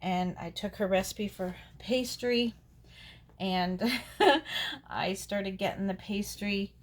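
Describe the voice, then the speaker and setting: A woman's voice: medium pitch, slow. A woman vlogger talks to her camera in a loose, rambling way. She laughs often and restarts her sentences as she goes, like someone chatting with friends. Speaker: doll artist and channel host. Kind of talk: casual storytelling to camera.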